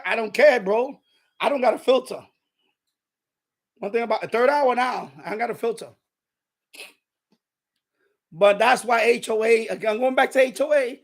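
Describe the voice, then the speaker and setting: A man hosting a livestream, casually and bluntly retelling a quarrel with a neighbor, with profanity and animated quoted lines. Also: extremely high pitch. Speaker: radio hobby livestream host.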